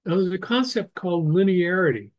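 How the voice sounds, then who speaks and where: A man teaching a ham radio licensing class over slides, explaining slowly with many restarts and fillers. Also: high-pitched, animated, no room sound, lo-fi sound. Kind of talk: technical lecture over slides.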